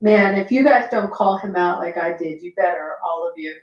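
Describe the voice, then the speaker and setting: A woman's voice: fairly low pitch, normal speed, darkish tone, reverberant, dull audio. A woman speaking indignantly, scolding the group in a casual chat.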